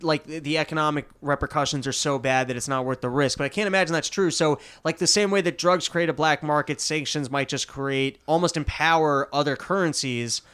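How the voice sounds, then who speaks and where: A man's voice: a little high, steady tone, fairly quick, few pauses, a bit bright, clean tone. A man co-hosting a casual talk show, rambling and profane, full of filler and restarts. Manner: rambling, profane, slips into jokey put-on voices. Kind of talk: casual chat.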